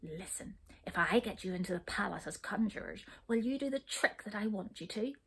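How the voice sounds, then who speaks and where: A woman reading a storybook aloud, voicing a sly, scheming witch who talks slowly and coaxingly in a hushed, breathy voice. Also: mid-range voice, lively intonation, exaggerated voice. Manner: slow, coaxing and conspiratorial.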